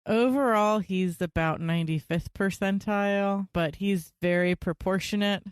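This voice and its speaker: A young woman talks with a parenting podcast co-host, chatty and animated as she recounts the week. Her voice sits at a middle pitch. The sound is close and dry. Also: moderate pace, clean tone, no echo. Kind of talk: casual chat.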